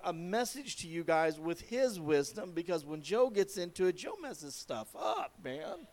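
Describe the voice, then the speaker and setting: A middle-aged man preaching a sermon in a folksy, emphatic way, often circling back to repeat a phrase. His voice sits fairly high for a man. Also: sing-song, a little slow, hardly any pauses, a little mellow. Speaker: pastor.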